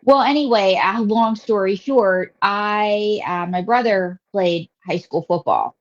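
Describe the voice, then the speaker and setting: A woman's voice: medium pitch, slow pace. A woman comedian from Western Pennsylvania with its accent, telling rambling stories in a casual interview, full of fillers and asides. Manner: chatty storyteller, rambling with many fillers and asides. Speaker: comedian guest. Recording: slightly dull lo-fi audio.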